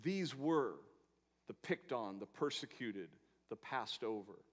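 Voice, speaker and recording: A man preaching a sermon, swinging between loud emphatic proclamations and quiet asides, with rhetorical questions and long lists. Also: mid-range voice, expressive, slow pace. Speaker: pastor. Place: church sanctuary. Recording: long hall reverb in a church.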